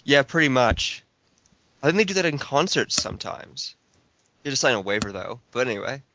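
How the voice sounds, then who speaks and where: Sleepy monotone man. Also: medium pitch, brisk, dull audio, background noise. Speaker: podcast guest. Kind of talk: casual chat.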